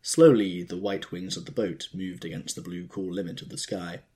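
Deep male audiobook narrator, expressive, measured.

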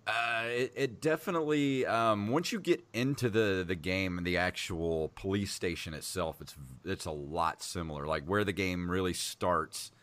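Low-voiced guy in his 30s, laid back, rambly podcast chat, dry close sound. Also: normal speed, hardly any pauses, fairly bright tone, dry recording. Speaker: podcast co-host, game reviewer.

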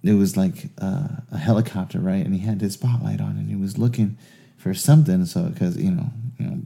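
A man's voice: deep voice, fairly quick, creaky. A man telling a long casual story, swearing freely and laughing as he goes. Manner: animated, profane, laughs through his stories.

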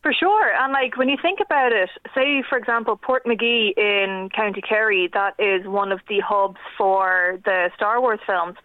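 A woman's voice: medium pitch, normal speed, few pauses, no room sound. Irish woman rattling on about movies, tinny phone-line sound, dry. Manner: chatty, animated, laughs often. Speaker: film news editor guest. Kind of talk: casual radio interview.

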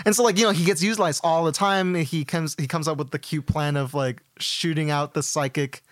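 A man's voice: on the high side, steady tone, brisk, no echo, studio quality. A man co-hosting a podcast in casual chat, rambling and saying "like" a lot. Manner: rambling, says "like" constantly. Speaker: podcast co-host.

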